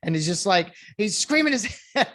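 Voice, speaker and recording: A man's voice: high-pitched, very animated, moderate pace, fairly bright tone. A young man hosting a casual podcast interview, chatty and laughing often. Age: young adult. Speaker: podcast host.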